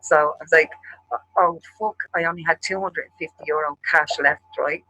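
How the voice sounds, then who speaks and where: A man with an Irish accent, co-hosting a show and telling a long story, animated and full of swearing. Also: a little high, fairly quick, dry recording, poor audio. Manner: profane, animated storyteller acting out quarrels. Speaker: show co-host. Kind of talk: casual storytelling chat.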